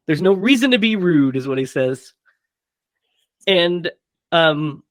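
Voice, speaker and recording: A man's voice: on the high side, dry recording, clean studio sound. Chatty man retelling a movie. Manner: animated retelling of scenes, quoting characters in quick voices. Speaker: podcast co-host. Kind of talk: casual movie discussion.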